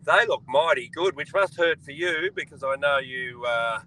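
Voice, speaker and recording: A man's voice: fairly high pitch, normal speed, sharp tone, poor audio. A middle-aged Australian man on a boat, talking over a phone or video call as a guest in casual sports chat, blokey and calling everyone mate. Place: on a boat, outdoors.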